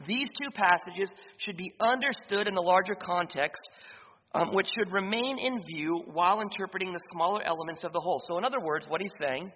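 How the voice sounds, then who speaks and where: A man preaching an expository sermon as pastor, restating his points and pausing on fillers. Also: sits high. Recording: dull, slightly noisy reverberant hall.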